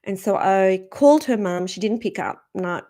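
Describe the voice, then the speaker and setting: A woman, a spiritual speaker, earnestly recounting a personal story in a gentle, reflective way. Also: mid-range voice, expressive, normal speed. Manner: earnest, gentle, acts out quoted dialogue.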